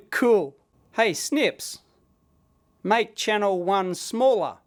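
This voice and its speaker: An Australian man hosting an electronics video, chatting casually and getting excited while he demos a gadget at his bench. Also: sits high, drawn-out words. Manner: excitable, chatty, blokey slang.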